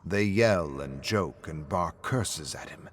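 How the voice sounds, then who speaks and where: Low-voiced man narrating a story. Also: animated. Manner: measured storytelling.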